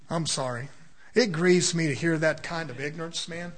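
A man's voice: fairly high pitch, moderate pace. A man preaching a fervent sermon at a church service, emphatic and full of rhetorical questions.

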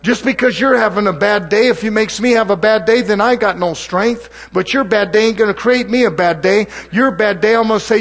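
A man's voice: sits high, normal speed, creaky, a bit bright. A middle-aged man preaching a sermon, fiery and mocking, calling out to the congregation.

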